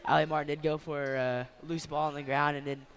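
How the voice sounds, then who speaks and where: A man giving relaxed color commentary at a high school basketball game, agreeing with his partner and adding short exclamations. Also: brisk. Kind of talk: casual game analysis. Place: high school gym, courtside. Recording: noisy gym broadcast feed.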